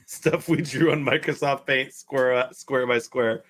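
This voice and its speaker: A man's voice: medium pitch, fairly even intonation, measured pace, fairly bright tone. A man co-hosting a casual live sports stream, easygoing and laughing as he reads things out. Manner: easygoing, laughs while reading aloud.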